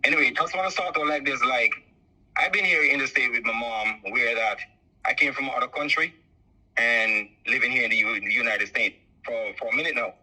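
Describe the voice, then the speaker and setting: Over a muffled phone line, a Jamaican caller whose accent has softened after years abroad tells a long personal story. His medium-pitched voice is a little fast, bright and forceful, with a breathy edge. He rambles and keeps repeating "so forth like that."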